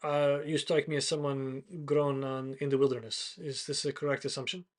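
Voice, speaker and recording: A man voicing a stately male high priest who speaks in a formal, courteous, measured way. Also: level tone, close to an everyday voice.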